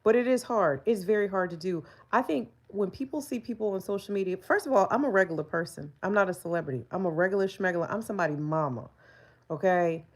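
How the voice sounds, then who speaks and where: A woman's voice: medium pitch, expressive, fast. Chatty woman in her forties. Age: 40s. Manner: candid and chatty, laughs often, talks back to the chat. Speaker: livestreamer. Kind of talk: casual live-stream chat.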